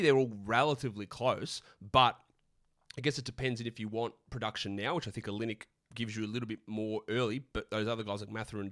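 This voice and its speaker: An Australian man co-hosting a live stream, answering viewer questions in a blunt, opinionated, rapid-fire way. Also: fairly low pitch, a bit bright, no room sound, studio quality. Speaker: podcast co-host.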